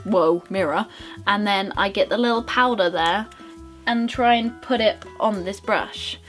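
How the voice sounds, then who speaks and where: A woman's voice: medium pitch, a little slow, a bit bright, soft background music. A young woman talking through her makeup routine in a bubbly, rambling, self-mocking way. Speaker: beauty vlogger. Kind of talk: casual makeup tutorial chat.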